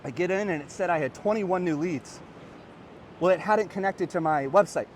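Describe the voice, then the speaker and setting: A man in his thirties, a podcast host and coach, giving an energetic, earnest motivational talk to camera outdoors by a beach. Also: high voice, moderate pace, slight background noise. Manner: energetic, animated and earnest, rising to excited peaks.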